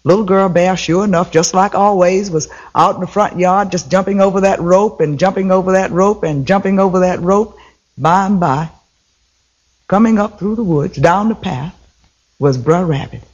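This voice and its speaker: Male storyteller, folksy rhythmic folktale telling, notably high voice. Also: normal speed, highs cut off.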